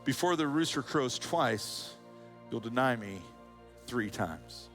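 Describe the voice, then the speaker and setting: A man's voice: mid-range voice, slow, soft background music. A man preaching a sermon as pastor, telling a Bible story with humorous asides and acted-out voices. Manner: animated storytelling, acts out voices and a rooster crow.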